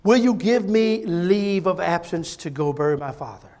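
A grieving young man asks a king for leave in a hushed, respectful voice, dropping low and soft with sorrow, as a preacher acts him out. The tone is humble and quiet throughout. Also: lively intonation, normal speed. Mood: hushed pleading.

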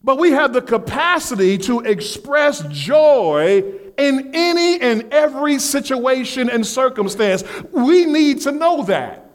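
A man's voice: very high-pitched, big pitch swings, measured pace. A man preaching a sermon, asking the congregation call-and-response questions and acting out whiny voices as he tells a story.

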